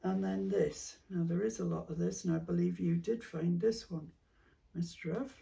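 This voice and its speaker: Gravelly woman chatting off-mic. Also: on the low side, normal speed, recorded from a distance. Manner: chatty, musing, drops into soft whispered asides. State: coughing now and then. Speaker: craft vlogger. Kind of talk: casual chat while sorting fabric.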